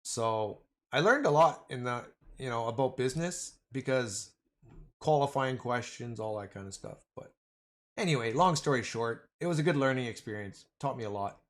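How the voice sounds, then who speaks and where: A man's voice: medium pitch, animated, moderate pace. Guy rambling on a livestream, jokey and slangy, voice jumping all over. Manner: rambling, joking, slangy, calls viewers boys and man. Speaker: livestream host. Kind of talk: casual livestream chat.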